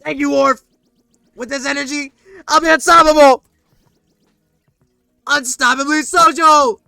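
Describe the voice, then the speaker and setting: A man voicing an excitable male ghost who shouts every line in a high, strained voice. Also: moderate pace, creaky, no echo, faint music behind, exaggerated voice. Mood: ecstatic shouting. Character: hyper excitable male ghost, giddy and loud.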